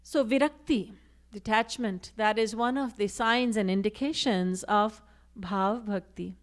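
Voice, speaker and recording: A woman's voice: medium pitch, a little slow. A woman giving a devotional discourse, reciting verses and acting out quoted speech with expression. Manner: recites Sanskrit and Hindi verses. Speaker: spiritual teacher.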